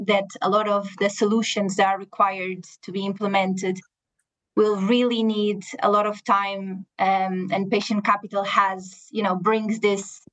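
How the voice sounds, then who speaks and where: A woman, an impact investor, explaining her view in a podcast discussion, thoughtful with frequent pauses. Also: medium pitch, fairly bright tone, rough recording. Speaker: impact investor, panel guest.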